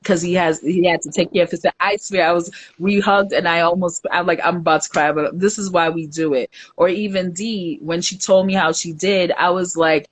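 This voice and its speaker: A woman's voice: on the low side, fairly even intonation, moderate pace, few pauses, no room sound. A woman, an entrepreneur talking casually and with feeling as an interview guest. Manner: heartfelt, emotional, chatty with fillers. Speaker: guest, entrepreneur and market organizer.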